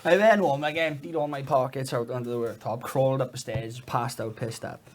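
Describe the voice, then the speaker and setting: A man's voice: mid-range voice, fairly even intonation, a little fast. A man with a Welsh accent, co-hosting a podcast, telling a story to friends in a sweary, laughing way. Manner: sweary, laughing through his own stories. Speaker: podcast co-host. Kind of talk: casual storytelling among friends. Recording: noisy podcast recording.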